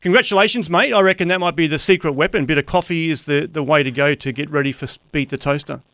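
Upbeat high-voiced man radio host. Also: quick pace, a bit bright, dry recording. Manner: upbeat, encouraging. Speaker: radio co-host running a quiz. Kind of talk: breakfast radio chat.

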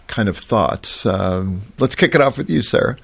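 Low-voiced guy hosting a faith interview, easygoing chatty. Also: animated, normal speed, vocal fry, breathy edge. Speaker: host.

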